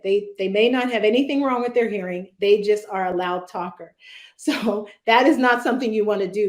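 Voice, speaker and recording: A woman's voice: medium pitch, brisk, roomy sound. A woman leading a virtual public speaking workshop, talking conversationally with fillers and frequent "right?" check-ins. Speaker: workshop presenter.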